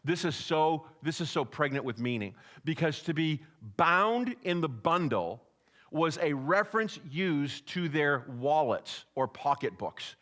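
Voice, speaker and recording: A bright, forceful man's voice, pitched a little high, preaching from the pulpit. He is a middle-aged pastor who jumps into little acted-out voices while telling stories in church. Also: lively intonation, unhurried. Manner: storytelling preacher who acts out voices of people in anecdotes. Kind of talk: sermon.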